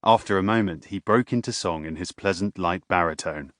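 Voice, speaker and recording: A man reading a novel aloud as an audiobook narrator, in a measured, even way. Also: sits low, dry recording, clean studio sound.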